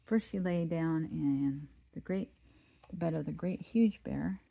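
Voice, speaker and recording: A woman casually reading a children's storybook aloud, relaxed and chatty, dropping in asides and cutting the story short. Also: low-pitched, measured pace, creaky, poor audio.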